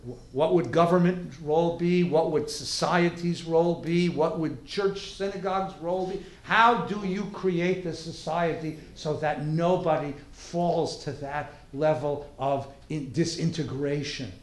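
A man's voice: on the high side, unhurried, hardly any pauses. A man giving an interactive class lecture, animatedly quizzing his audience. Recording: roomy lecture hall.

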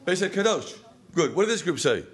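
Male teacher, slightly raised pitch, quizzing a class, wry asides, classroom lecture. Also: very animated, brisk. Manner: questioning, answers his own questions; jokey, chuckles at his own lines. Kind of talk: classroom text study lecture. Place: classroom with students.

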